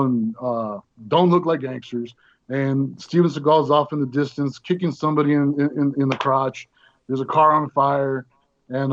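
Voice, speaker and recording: A man being interviewed as a guest actor, telling stories in a casual, animated way and acting out the other people in them. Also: mid-range voice, no room sound. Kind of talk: casual storytelling. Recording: dull lo-fi audio.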